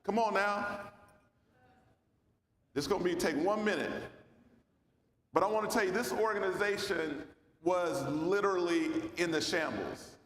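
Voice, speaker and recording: Founder-type speaker, male, casual and folksy, works the crowd; high voice, roomy hall sound. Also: unhurried, long pauses, fairly bright tone. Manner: loose, folksy, calls out to the crowd. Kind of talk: lively speech at a luncheon. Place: large banquet hall. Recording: echoey hall with long reverb.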